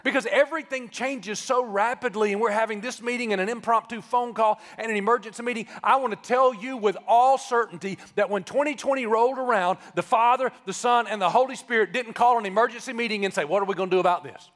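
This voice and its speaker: A man preaching a live sermon as pastor, conversational and joking, then building to shouted emphasis. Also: very high voice, a little fast, hardly any pauses. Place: church sanctuary, live service. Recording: live church with long reverb.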